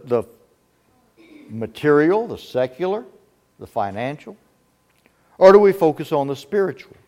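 A man's voice: fairly high pitch, a little mellow. A man preaching a sermon, asking rhetorical questions with emphatic delivery.

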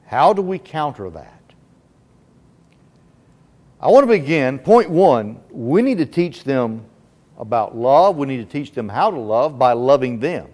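A man's voice: medium pitch, unhurried, long pauses. Guy preaching a sermon, voice swoops up and down a lot, lots of rhetorical questions. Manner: rhetorical questions, emphatic and lively.

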